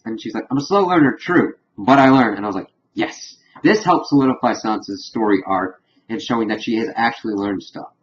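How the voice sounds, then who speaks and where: A man's voice: on the low side, highs cut off. A young man casually recapping and reviewing a TV episode, retelling scenes and briefly voicing characters' lines. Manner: animated retelling, lightly acting out characters' lines. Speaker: TV show reviewer.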